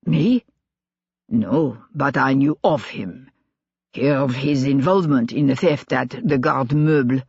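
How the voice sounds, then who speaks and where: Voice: medium pitch, big pitch swings, moderate pace, creaky, husky, no echo, heavily acted. A reader voicing a proud but nervous foreign army colonel who talks in a strained, defensive way, for an audiobook. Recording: dull, dry lo-fi recording.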